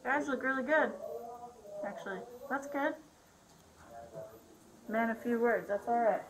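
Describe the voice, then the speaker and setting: Brisk woman doctor giving instructions. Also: a little high, noisy background. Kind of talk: clinical exam instructions.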